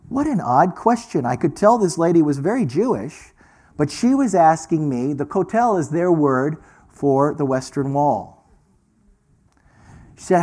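A man preaching, telling a personal story with lively delivery and acting out the voices of people he met. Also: a little high, unhurried. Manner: animated storyteller, acts out quoted voices. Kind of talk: sermon storytelling.

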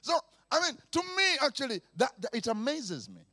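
A middle-aged man delivers a playful, animated sermon, acting out noises and laughing between points. His voice sits high and leaps all over the place. The sound is dry and close. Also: no room sound. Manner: animated, mimics sounds, laughs often, drawn-out repetitions. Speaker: preacher. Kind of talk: lively sermon.

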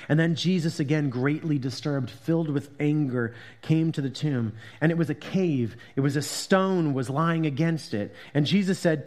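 A man preaching a sermon in a conversational way, rising to loud emphatic peaks and dropping to quiet, hushed passages as he reads scripture. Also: a little high, moderate pace, few pauses. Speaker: pastor.

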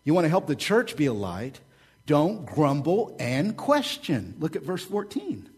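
A man, the pastor, preaching a sermon with energetic, repetitive rhetoric and casual asides. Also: fairly high pitch, unhurried, husky.

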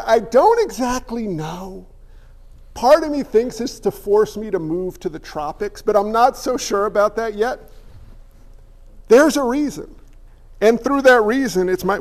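A man preaching a sermon as a pastor, conversational and joking, with lots of rhetorical questions to the congregation. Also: sits high.

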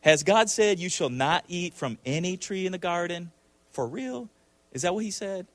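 A man's voice: high-pitched, lively intonation, moderate pace, no echo, voice pushed up. A man voicing a sly male serpent who sows doubt with casual, skeptical questions. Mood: insinuating.

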